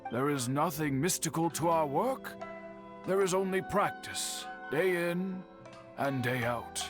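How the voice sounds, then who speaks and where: An actor playing an elderly, patient master bladesmith in a game, speaking in a measured, formal way. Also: male voice, fairly high pitch, lightly acted. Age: older. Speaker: game character. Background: game music.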